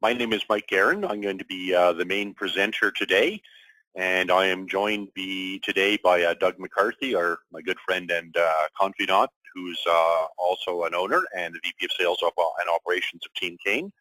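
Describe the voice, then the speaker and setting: Middle-aged man, low voice, webinar presenter, friendly, relaxed, fillers, dry close sound. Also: moderate pace, no echo, poor audio.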